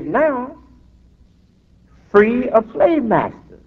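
A man delivers an imam's sermon, emphatic and drawn-out, breaking off for asides. His voice is on the high side, sing-song and gravelly, heard through a tinny recording in a reverberant hall.

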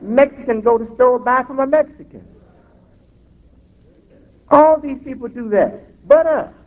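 A very high male voice preaches an imam's sermon, drawn-out and emphatic, breaking off for asides. The sound is tinny and reverberant, as if recorded in a hall.

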